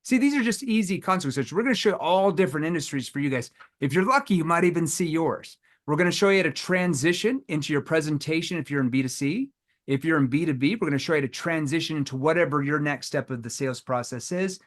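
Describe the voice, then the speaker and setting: Energetic sales trainer, fairly high voice. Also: male voice, fast. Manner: energetic, role-plays scripted sales calls. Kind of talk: live training seminar.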